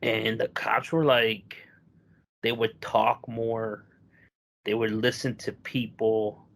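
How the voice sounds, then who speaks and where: A man's voice: fairly low pitch, little pitch movement, slow, vocal fry, fairly bright tone. A young man co-hosting a podcast, telling a rambling, profane story in casual chat and acting out the people he quotes. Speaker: podcast co-host.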